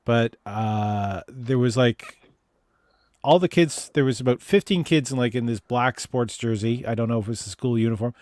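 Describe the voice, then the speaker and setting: A man's voice: mid-range voice, normal speed, darkish tone, no echo. A man co-hosting a casual video call chat, telling stories with wry jokes. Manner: wry, joking, easygoing storytelling. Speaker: co-host.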